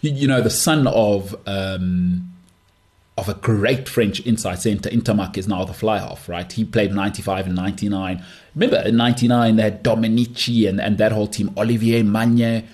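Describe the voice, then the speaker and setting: A man's voice: fairly low pitch, steady tone, normal speed, darkish tone. A man hosting a podcast, talking about sport on his own in an emphatic, dismissive way and repeating phrases for effect. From South Africa. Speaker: podcast host. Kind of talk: opinionated solo sports talk.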